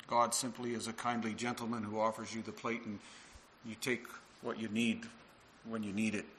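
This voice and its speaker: A man's voice: on the low side, flat delivery, moderate pace, a bit bright, slight background noise, rough recording. A male minister preaching a sermon to his congregation, earnest and full of rhetorical questions.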